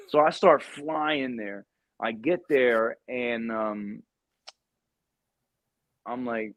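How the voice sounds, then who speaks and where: Animated male storyteller, dry lo-fi sound. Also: medium pitch, measured pace, dry recording. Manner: animated storyteller, acts out shouted quotes. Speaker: podcast guest, Marine veteran. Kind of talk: casual storytelling chat.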